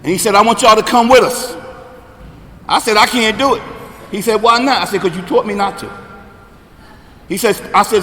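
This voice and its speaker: A man in his sixties sharing his recovery story at a meeting, talking conversationally and checking in with the room, getting louder and emphatic on key points. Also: sits high, brisk, pauses often, big-room sound, a little hiss or hum. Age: 60s. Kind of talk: personal recovery share.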